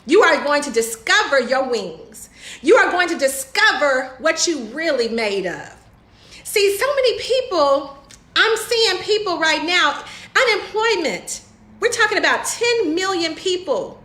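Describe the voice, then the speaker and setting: Woman, motivational coach, bright high voice, echoey room. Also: big pitch swings, a little slow. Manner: preachy, emphatic, addresses viewers as y'all. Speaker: home business coach. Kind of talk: motivational talk to camera.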